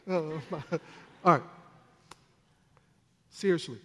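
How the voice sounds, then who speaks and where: A man minister preaching a sermon in an animated, playful way, with asides to the congregation. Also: fairly high pitch, slow, pauses often. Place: church sanctuary. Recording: long church hall reverb.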